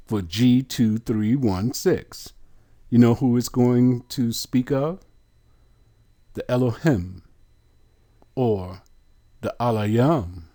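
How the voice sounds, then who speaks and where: A man teaching scripture line by line, deliberate and insistent, sounding out words syllable by syllable and asking rhetorical questions. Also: mid-range voice, mellow. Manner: earnest and insistent. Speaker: bible teacher.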